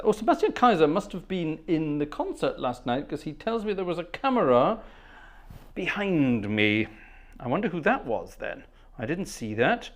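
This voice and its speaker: A man hosting a livestream organ concert, greeting viewers one by one in casual chat and humming between names. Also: a little high. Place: at the organ console.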